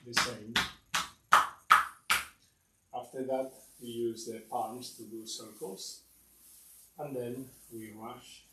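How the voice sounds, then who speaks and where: Slow-talking man teaching massage. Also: medium pitch, over loud music. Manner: slow, simple instructions in short phrases. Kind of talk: instructional class narration. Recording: echoey room, distant mic, faint noise.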